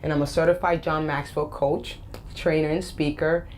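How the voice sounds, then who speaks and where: A woman's voice: sits low, flat delivery, normal speed, slight background noise. A woman in her forties with a Boston and Spanish accent, a guest life coach speaking in an upbeat, emphatic interview chat. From Boston, USA. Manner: upbeat, emphatic, repeats key phrases.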